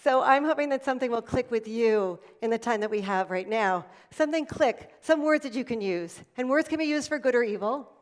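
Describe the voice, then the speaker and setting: A middle-aged woman giving a motivational keynote at an event, telling stories with dramatic pauses. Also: on the high side. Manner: animated storytelling with dramatic pauses. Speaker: motivational speaker. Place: event hall.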